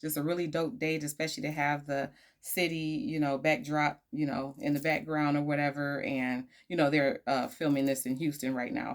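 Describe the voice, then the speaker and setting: A woman's voice: deep voice, steady tone, fairly quick. A woman casually reviewing a dating show, sassy and slangy, breaking into laughing asides, tired from recording late at night.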